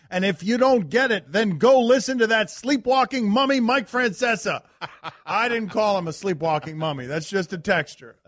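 Male sports radio host, high voice, excitable banter, dry booth sound. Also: no room sound. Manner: excitable, shouting catchphrases.

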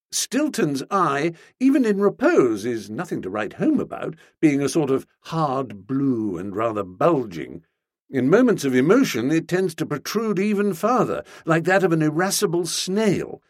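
A man reading a comic story aloud with a wry, playful delivery and a voice that swings widely in pitch. His tone is slightly husky and raised in pitch, recorded close and dry with no room sound. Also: no echo. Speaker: audiobook narrator. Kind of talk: scripted comic narration.

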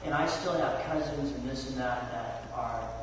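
A man's voice: mid-range voice, moderate pace. A man preaching a sermon as pastor, telling stories with casual slang and rhetorical questions. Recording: echoey hall from far off, faint noise.

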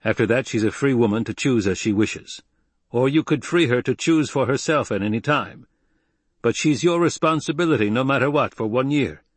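A man's voice: medium pitch, animated, normal speed, husky, no echo, voice pushed up. A man voicing a stern, commanding desert tribal leader in a storybook reading. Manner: curt, commanding.

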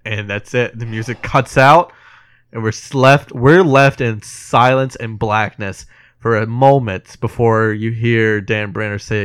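An emotional man co-hosting a casual movie podcast, choking up as he retells the ending and acts out the characters' lines. His voice is smooth and clear at an ordinary pitch. It is recorded close and dry, with no room echo. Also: steady tone, unhurried, fairly bright tone. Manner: emotional, retells scenes acting out quotes, swears. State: teary. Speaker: podcast co-host. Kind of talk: casual movie review chat.

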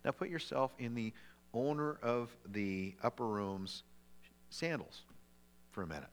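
A middle-aged man preaching a sermon as pastor, in a conversational way with lively asides, often restarting his words. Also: medium pitch, measured pace. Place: church sanctuary. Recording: long reverb of a large hall.

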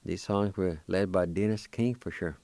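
A man hosting a radio language lesson, spelling words out letter by letter and repeating each one slowly and carefully. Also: deep voice, darkish tone, no room sound.

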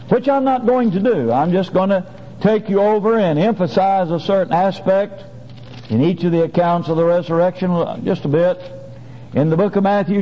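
A man preaching a sermon and reading scripture in a folksy, halting way with many restarts. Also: high voice. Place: church. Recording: dull lo-fi church recording with long reverb.

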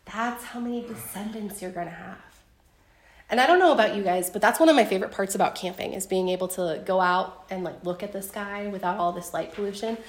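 A young woman leading a casual Bible lesson for a group, talking in a chatty way with lots of fillers and lively storytelling. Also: mid-range voice, fast talker, few pauses. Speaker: Bible study teacher. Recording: roomy echo.

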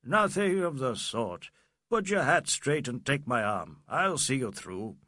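A man doing a brisk, commanding Englishman. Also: medium pitch, big pitch swings, bright, forceful tone, dry recording, clean studio sound, full character voice. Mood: firm. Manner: firm, brusque, reassuring. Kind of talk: audiobook character voice.

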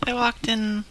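A woman's voice: a little high, bright, forceful tone, a little hiss or hum. A woman co-hosting a live show, chatting casually in a giggly, easygoing way. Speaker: co-host. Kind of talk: casual chat.

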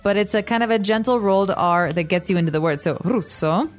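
A young American woman co-hosting a language podcast, explaining patiently in a relaxed, upbeat chat and laughing easily. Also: mid-range voice, brisk, soft background music. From United States. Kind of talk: casual teaching chat.

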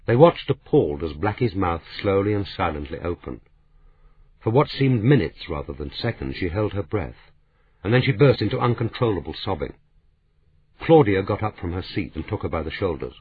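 Deep, husky male audiobook narrator. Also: animated, normal speed. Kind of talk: scripted narration. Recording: tinny phone-like sound.

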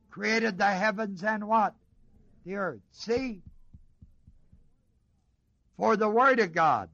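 Male preacher, middle-aged, sermon, high voice, slow deliberate delivery, repeats key words, quizzes the congregation. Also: bright, forceful tone, no echo, dull audio. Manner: call-and-response questions to the congregation, emphatic repetition.

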